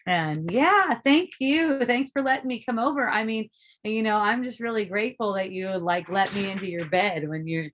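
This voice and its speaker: A woman's voice: mid-range voice, moderate pace, a bit bright, slight background noise. A woman hosting a casual live group talk, rambling, swearing freely and breaking into laughter often. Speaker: host of a spiritual dialogue group.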